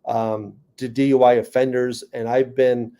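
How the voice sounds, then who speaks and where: Fifties New York comic turned speaker, mellow warm tone, wry and earnest on stage. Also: male voice, medium pitch, level tone, measured pace. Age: 50s. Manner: joking, then earnest and personal. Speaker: comedian and motivational speaker. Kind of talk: stand-up comedy talk at a conference.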